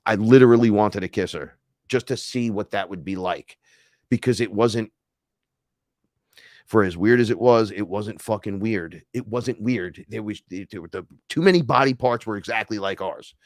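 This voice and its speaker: Man, podcast host, casual storyteller; low-pitched, excitable, foul-mouthed, loud-then-hushed delivery; dry close sound. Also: normal speed, no echo. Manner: profane, excitable, swings between loud and hushed. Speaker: podcast host recounting an experience.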